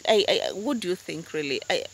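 A woman interviewing a guest in a casual chat, encouraging him with soft affirmations and describing herself as emotional. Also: fairly low pitch, animated, a little fast, creaky, slight background noise.

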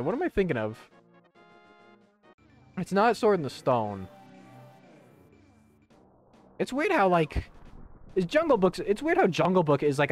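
A young man streaming a video game, rambling casually with lots of swearing, fillers and restarts. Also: a little high. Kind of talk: casual commentary while gaming. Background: faint game music.

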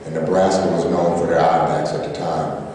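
A middle-aged man with a very low, mellow voice gives a hall of fame acceptance speech, halting and joking between fillers. He sounds distant, recorded from far back in a large hall with long, heavy reverb and faint ambience. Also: fairly even intonation, a little hiss or hum.

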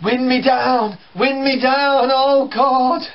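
A man's voice: very high-pitched, fairly even intonation, takes it slowly, lo-fi sound, voice pushed up, full character voice. A man voicing a grumpy, breathless father who scolds his sons in exasperated bursts. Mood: grumbling. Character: grumpy breathless middle-aged father, always moaning. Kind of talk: storytelling to a live audience.

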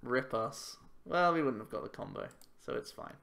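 A man's voice: mid-range voice, wildly swooping pitch, moderate pace, creaky, fairly bright tone. A man giving casual commentary while playing a card game, thinking aloud in a chatty, self-mocking way. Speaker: YouTube card game player.

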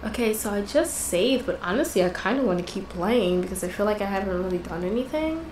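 A woman's voice: mid-range voice, expressive, brisk, a little mellow, reverberant, slight background noise, poor audio. A woman hosting a gaming channel, chatting casually and exclaiming in frustration as she plays. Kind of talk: casual gameplay commentary.

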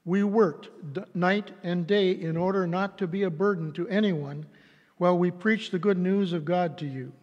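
A man reads scripture aloud in a church sanctuary. He is measured and deliberate, and his voice sits high. A long reverb rings after each line. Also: darkish tone, highs cut off. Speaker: scripture reader. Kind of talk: scripture reading.

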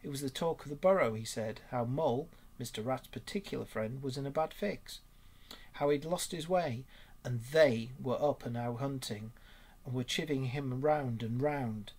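A man voicing a bold, cheerful male otter who tells his tale in a hearty way, with a husky voice. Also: medium pitch, moderate pace, darkish tone.

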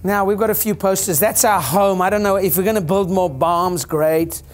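A man's voice: sits high, fairly even intonation, normal speed, soft background music. An older man, a chiropractor, giving an informal talk to an audience in a rambling, joking, preacher-like way.

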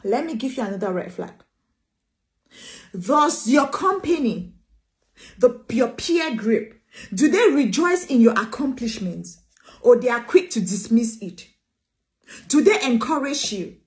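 A woman's voice: a little high, big pitch swings, a little slow, pauses often. A woman preacher, preaching an emphatic sermon, repeating phrases and calling listeners sweetheart.

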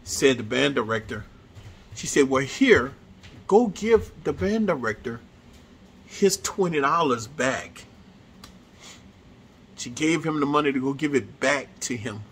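A man talks straight to his viewers in a casual, heartfelt way, circling back and repeating himself as he tells a story. His voice sits at an ordinary middle pitch. A faint ambient hum runs under the recording. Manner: earnest, repetitive, heartfelt storytelling with restarts. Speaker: vlogger.

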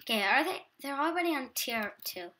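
Bright high-voiced English girl gaming. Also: lively intonation, a little fast. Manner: chatty, self-deprecating. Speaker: gaming YouTuber. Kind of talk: casual gameplay commentary.

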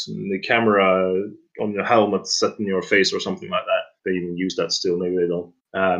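A man guest on a casual podcast, talking in a rambling, halting way with many restarts. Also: on the low side, a bit bright, lo-fi sound. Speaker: game sound designer guest.

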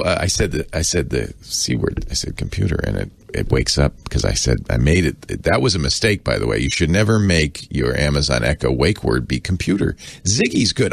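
Deep, gravelly, animated middle-aged man. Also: no echo. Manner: chatty, self-correcting, laughing asides. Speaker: podcast co-host. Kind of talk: casual explaining chat.

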